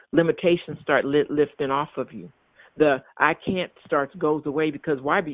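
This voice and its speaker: A man's voice: on the high side, dry recording. A man preaching a sermon, emphatic and repetitive, with frequent restarts. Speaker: minister. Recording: tinny phone-like sound, dry.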